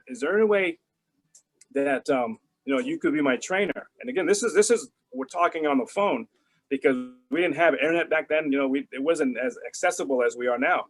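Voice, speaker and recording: The recording is low quality, carrying a fairly high-pitched middle-aged man who is a guest in an interview. He tells a casual story loosely, with many restarts and fillers, voicing the phone calls as though performing them.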